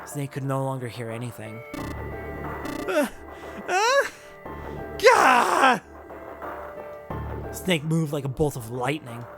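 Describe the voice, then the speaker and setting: A let's play host reading a visual novel aloud, with animated, reactive commentary between passages. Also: mid-range voice, a little fast, few pauses, over music.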